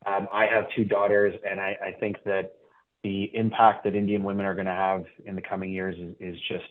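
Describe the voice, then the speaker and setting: A male comedian hosting an online event, telling stories in a halting, self-deprecating way. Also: low voice, flat delivery. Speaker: emcee and comedian. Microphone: video call. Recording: tinny phone-like audio.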